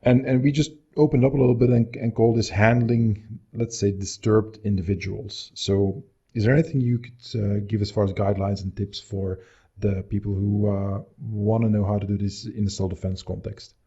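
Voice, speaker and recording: A man's voice: on the low side, fairly even intonation, normal speed, mellow, breathy edge, highs cut off. A man hosting a podcast, asking questions casually with hesitant, repeated words. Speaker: podcast host.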